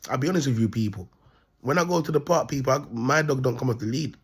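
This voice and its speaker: A man's voice: medium pitch, quick pace, breathy edge. A man talking to camera in a rambling, repetitive monologue, laughing at his own points and checking in with his listeners again and again. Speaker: self-styled prophet vlogger.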